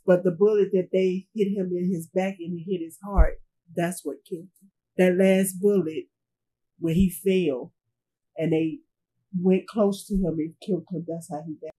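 A middle-aged woman, a grieving mother, speaking in an interview in a halting way, often repeating herself and trailing off. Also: fairly low pitch, steady tone, dark tone, breathy edge, low-quality recording. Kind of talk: emotional interview testimony.

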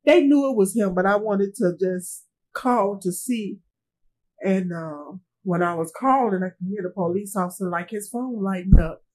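A middle-aged woman, a grieving mother, recounting a painful loss in a halting way, repeating herself and trailing off. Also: mid-range voice, a little mellow, rough recording. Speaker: grieving mother being interviewed. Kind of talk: emotional personal recounting.

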